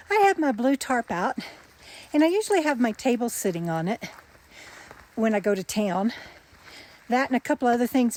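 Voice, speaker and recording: A woman's voice: a little high, a little hiss or hum. A woman telling a story in a casual outdoor vlog while out hiking on a forest trail, a little out of breath and laughing often. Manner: chatty, laughs often, animated retelling. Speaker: RV nomad vlogger.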